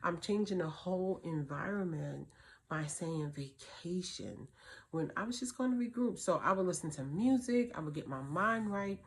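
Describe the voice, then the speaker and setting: Lively single mom telling her story. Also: on the low side, normal speed, slightly rough. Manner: animated storyteller, acts out her kids' and her own voices. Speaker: host. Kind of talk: casual advice talk.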